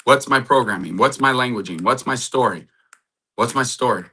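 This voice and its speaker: A man hosting a faith-based talk, urging love and repeating affirmations in a soft, earnest way. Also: medium pitch, moderate pace, slightly rough. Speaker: host and matchmaker.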